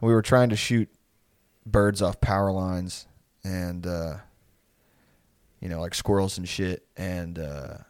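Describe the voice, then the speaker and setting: Young man, low-pitched, rambling storyteller, dry close sound. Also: steady tone, takes it slowly, long pauses, darkish tone, clean tone, no room sound. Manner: rambling storytelling, heavy swearing, laughs often. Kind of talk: casual chat.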